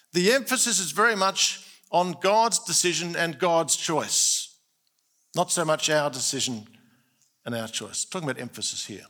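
A man's voice: high voice, sharp tone. A man preaching a sermon, earnest and emphatic, stressing key points. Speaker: pastor.

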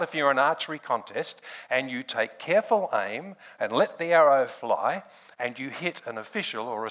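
An older man preaching to a congregation, his pitch rising and falling in animated swings. He keeps it chatty and personal, laughs along with his own jokes and picks out listeners by name. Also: low-quality recording. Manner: animated and conversational, often laughing, addresses people in the room by name. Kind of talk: sermon.

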